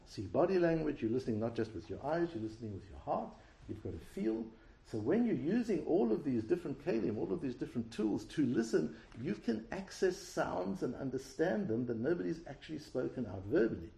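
A man's voice: on the high side, sing-song, fairly quick, creaky, warm tone. A man giving an explanatory Torah class who asks rhetorical questions and repeats words as he restarts his phrases. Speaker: Torah teacher. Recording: roomy echo.

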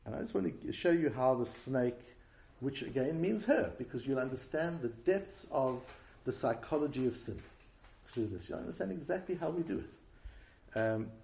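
Speaking with vocal fry in a dark, medium-pitched voice, a man leads an explanatory Torah class. Rhetorical questions and repeated words from restarted phrases mark his delivery, and the recording has a roomy echo.

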